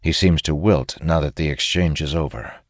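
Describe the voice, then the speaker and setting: A man giving steady, measured first-person narration of a fantasy audiobook. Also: very deep voice, dry recording, clean studio sound.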